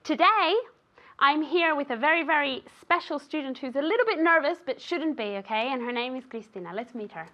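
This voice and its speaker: A woman's voice: sits high, lively intonation, a little fast, bright, forceful tone, muffled recording. A woman teaching an English lesson on a show, encouraging a student and the viewers at home, often checking in with "okay?". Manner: encouraging, ends phrases with "okay?".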